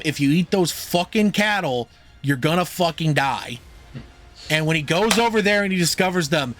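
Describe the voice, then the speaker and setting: A man's voice: a little high, fairly bright tone. A man co-hosting a podcast, sharing fun facts in casual film talk, swearing freely and laughing. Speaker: podcast co-host.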